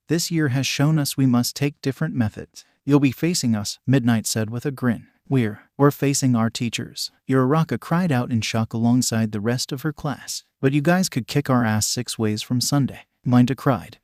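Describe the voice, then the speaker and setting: A man with a mid-pitched voice narrates a piece of fan fiction in an even, steady way. He barely shifts his voice between characters, and the recording is close and dry with no room sound. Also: no echo. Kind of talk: reading fan fiction aloud.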